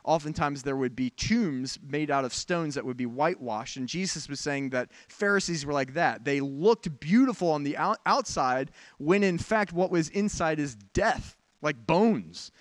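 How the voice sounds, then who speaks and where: A man's voice: fairly high pitch, lively intonation, normal speed, hardly any pauses, no room sound. A pastor giving a sermon in a candid, conversational way, with frank asides to his congregation.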